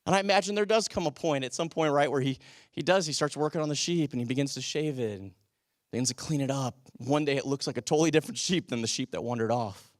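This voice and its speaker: A man's voice: mid-range voice, quick pace, no room sound, clean studio sound. A man preaching a sermon as a teaching pastor, talking conversationally and asking the congregation rhetorical questions.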